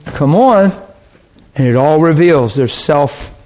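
Storytelling man pastor, slightly high voice. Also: measured pace. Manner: storytelling, animated, laughs often. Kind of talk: informal teaching talk.

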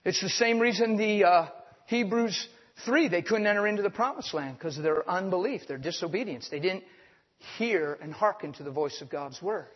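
Folksy high-voiced preacher in a hall. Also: male voice, breathy edge. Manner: folksy, fast-talking, laughs and acts out voices. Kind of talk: sermon. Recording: muffled, echoing hall.

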